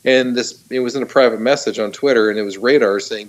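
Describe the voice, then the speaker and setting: Appearing as a talk show guest, a middle-aged man excitedly recounts a personal story, often laughing, restarting, and using fillers. His voice is mid-range and fast, and the high frequencies are cut off.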